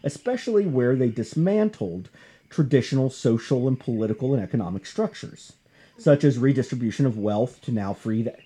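A man hosting a casual talk show, discussing comics and history in an animated, conversational way. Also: moderate pace. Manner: animated, conversational, jumps in pitch for emphasis. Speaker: podcast host.

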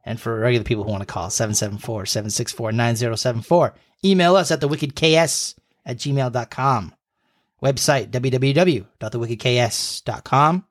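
A man's voice: mid-range voice, a little fast. A man in his thirties co-hosting a casual podcast from home, telling rambling stories and chuckling often. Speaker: podcast co-host. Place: home room.

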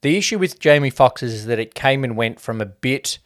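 A man's voice: medium pitch, animated, fairly quick. A man co-hosting a casual film review podcast, talking in a chatty way. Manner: chatty, quotes people in mock voices. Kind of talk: casual chat.

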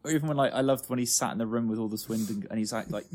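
A man's voice: on the low side, very fast. A man in a casual chat about comedy, rambling with lots of "like" and fillers. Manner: relaxed, rambling, many fillers like "like".

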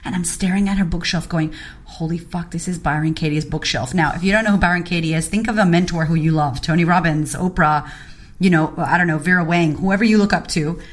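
This is an excitable woman from Boston who hosts a podcast and talks in a slightly low voice. She chats casually and swears freely. She tells stories with energy and acts out her own reactions. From Boston, United States. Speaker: podcast host. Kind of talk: casual chat, animated storytelling. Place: online audio chat room.

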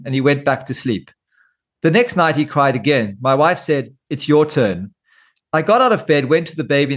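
A middle-aged man hosting a scripted monologue, with dry, self-mocking humor. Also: fairly high pitch. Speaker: host.

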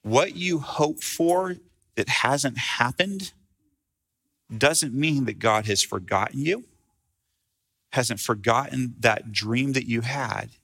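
A man's voice: medium pitch, takes it slowly, pauses often, a bit bright, breathy edge. A male pastor preaching a sermon in a conversational, storytelling way.

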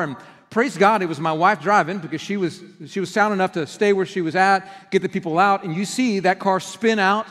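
A middle-aged pastor giving a conversational sermon, telling stories and acting out quoted outbursts. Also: male voice, sits high, a bit bright. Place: church sanctuary. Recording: long hall reverb.

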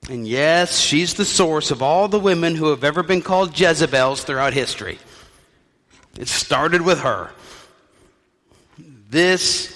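A man's voice: a little high, lively intonation, unhurried, pauses often, pushed and bright, in a large hall. A male pastor preaching a sermon in a conversational storytelling way with wry asides.

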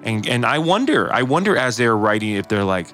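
A man co-hosting a relaxed chat, his voice bright and forward. He wanders through his ideas with plenty of restarts, slipping into short quoted voices along the way. Faint music plays softly behind him. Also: medium pitch, a little fast. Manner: rambling, many restarts, acts out quotes. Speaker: podcast co-host. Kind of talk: casual chat.

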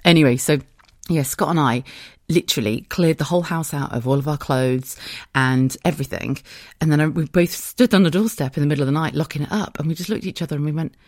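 A woman's voice: low voice, fast talker, dry recording, studio quality. Candid, sweary British woman rambling. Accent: British English. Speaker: podcast host. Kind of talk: casual chat monologue.

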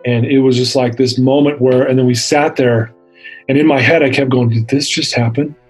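Husky man telling a heartfelt story. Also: medium pitch, steady tone, normal speed, soft background music, rough recording. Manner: earnest storytelling, acts out quoted dialogue. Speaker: guest. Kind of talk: personal testimony interview.

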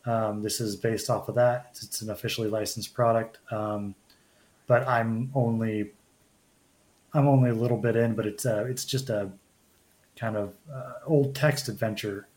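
Halting man chatting about games. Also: fairly low pitch, a little mellow. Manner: halting, many restarts and fillers. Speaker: podcast host. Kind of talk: casual chat.

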